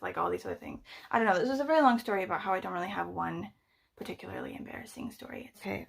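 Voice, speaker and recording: A woman from the United States chatting to camera, telling rambling, self-deprecating stories full of fillers and sudden excited bursts. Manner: jumps into high, excited bursts when animated. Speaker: channel host answering viewer questions. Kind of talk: casual chat to camera.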